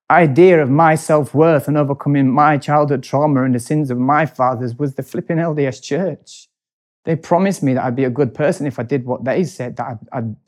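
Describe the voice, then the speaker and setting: A man hosting a casual chat, telling a personal story in an animated way, laughing often and speeding up in bursts. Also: fairly high pitch.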